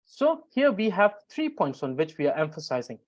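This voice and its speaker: A woman's voice: low-pitched, big pitch swings, moderate pace, muffled recording. A woman teaching a grammar lesson, explaining step by step with frequent fillers and repetition. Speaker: language teacher.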